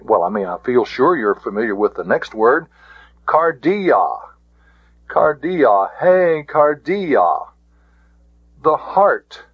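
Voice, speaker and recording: A man with a husky, breathy voice teaches a vocabulary lesson at an unhurried pace, saying each word carefully and repeating it. The recording is dull and lo-fi, with a dry, close sound. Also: fairly low pitch, dry recording. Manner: occasional self-corrections and hesitations. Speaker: Greek teacher.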